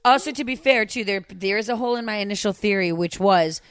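A woman's voice: medium pitch, fast talker, clear, resonant tone, no echo, clean studio sound. A woman co-hosting a casual chat, talking in a precise, wry way. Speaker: podcast co-host.

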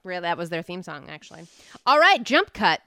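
A woman's voice: lowish voice, very animated, pushed and bright, clean tone, dry recording, clean studio sound. A young adult woman co-hosting a podcast, chatting and riffing playfully. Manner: playful, riffing, quick asides. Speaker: podcast co-host. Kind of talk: casual comedic chat.

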